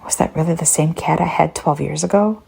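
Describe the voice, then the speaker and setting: A woman reads a first-person horror story in a tense, measured delivery. Her voice sits low and dark, with a gravelly fry and a husky grain.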